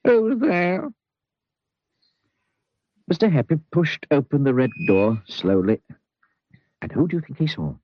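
A man narrating a children's storybook with expressive, drawn-out emphasis. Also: medium pitch, a little hiss or hum. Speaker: audiobook narrator. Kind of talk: storybook reading. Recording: muffled recording with soft music.

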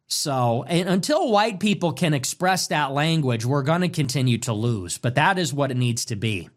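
A man's voice: a little high, expressive, normal speed, few pauses. A man commentating in a solo monologue, emphatic and repetitive in short punchy sentences.

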